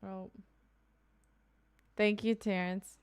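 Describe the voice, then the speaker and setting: A woman's voice: medium pitch, flat delivery, drawn-out words, a little mellow, smooth. A woman from Kentucky streaming live, chatting casually with her viewers and reading out their comments with loose asides and fillers.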